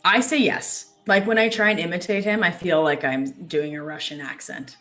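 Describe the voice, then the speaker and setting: A woman's voice: fairly low pitch, lively intonation, normal speed, bright, forceful tone, faint music behind. A young Canadian woman hosting a live trading stream in casual chat, reading viewer comments aloud. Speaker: trading show host.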